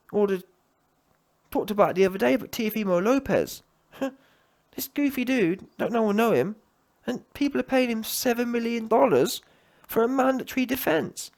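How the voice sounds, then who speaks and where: Man, solo boxing rant, heated, emphatic, lively up-and-down delivery. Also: high voice. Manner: heated, emphatic, rapid restarts. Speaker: boxing commentator.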